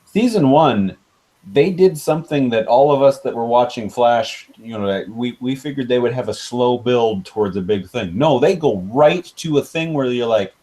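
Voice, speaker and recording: A man in a mid-range voice hosting a loose podcast chat. He talks with eager enthusiasm, rushing in bursts and restarting his sentences as he goes. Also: medium pitch, dark tone. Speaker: host.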